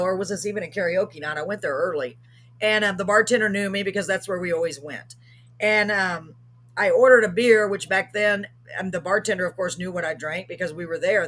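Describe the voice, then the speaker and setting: Hosting a live show, a woman tells a long story in a husky, slightly breathy voice that's mid-range and a bit bright. She rambles casually, filling it with ums and quick self-corrections.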